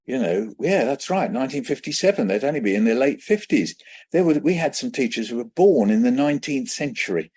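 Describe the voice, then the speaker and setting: A man in his seventies from England, a children's poet guest telling lively anecdotes in an interview and acting out the voices in them. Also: medium pitch, brisk, slightly rough. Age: 70s. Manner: lively anecdotal storyteller who acts out voices. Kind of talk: conversational storytelling interview.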